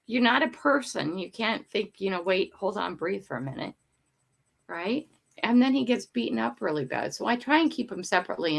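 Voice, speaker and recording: An older woman hosts a casual morning livestream from her home, rambling to viewers and breaking off to talk to her dogs. Her voice is gravelly with a fry to it, yet bright and forward. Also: medium pitch. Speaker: livestream host. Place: home room.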